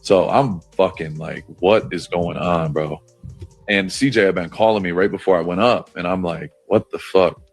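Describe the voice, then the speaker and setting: A man's voice: deep voice, normal speed, faint music behind. A man, a football player on a podcast, telling a story loosely with plenty of "like" fillers and swearing. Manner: loose, profane, lots of "like" fillers. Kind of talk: casual storytelling.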